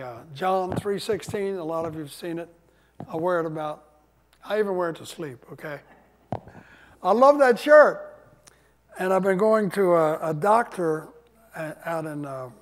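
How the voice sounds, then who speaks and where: An older male pastor delivers a sermon at an unhurried pace, leaning on key words and calling out to the congregation for responses. His voice sits high for a man. The sound carries a long reverb from the church hall around him. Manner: preaching with call-and-response, emphatic. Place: church sanctuary.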